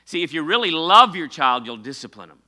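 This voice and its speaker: Middle-aged pastor guy preaching, really bright ringing voice, a bit high, keeps asking the church to say amen. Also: big pitch swings, fairly quick. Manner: preaching with call-and-response to the congregation; fillers and self-corrections, conversational. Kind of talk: sermon.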